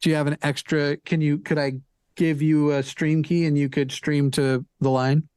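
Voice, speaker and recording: A man's voice: fairly high pitch, level tone, moderate pace, darkish tone, clear, resonant tone, dry recording. A man joining a charity livestream as a guest, joking, teasing and thinking aloud while he fixes his stream settings. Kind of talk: casual livestream chat.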